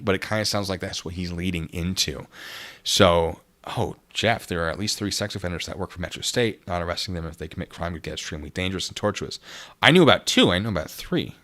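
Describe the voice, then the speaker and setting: A man giving sarcastic live-stream commentary at a desk microphone, with joking asides, and stopping to read chat and thank viewers for donations. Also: deep voice. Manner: sarcastic, animated, laughing asides; reads donations and chat aloud.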